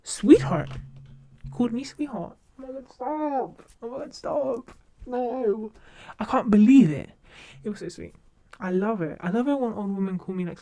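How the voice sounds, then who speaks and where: A woman's voice: mid-range voice, dark tone. A young woman streamer chatting casually, rambling and gushing with many fillers and restarts. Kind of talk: casual chat.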